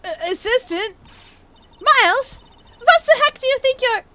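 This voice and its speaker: A woman's voice: sits high, moderate pace, very noisy, natural voice. A woman voicing a flustered, bumbling male detective who blusters in a video game reading.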